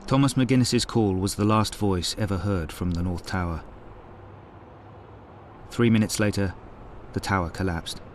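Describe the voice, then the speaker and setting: A man narrating a documentary in a grave, measured way. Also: deep voice, slight background noise. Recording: narration over music.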